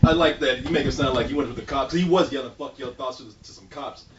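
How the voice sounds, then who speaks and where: Man, casual storyteller, animated, rapid, roomy echo, distant. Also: medium pitch, muffled recording, over a noisy crowd. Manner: animated, laughs through stories, swears.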